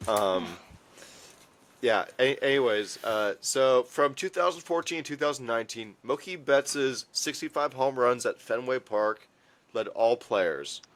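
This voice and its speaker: A man's voice: medium pitch, expressive, a little slow, fairly bright tone. A man hosting a casual sports podcast, running a trivia segment with a dry, teasing manner.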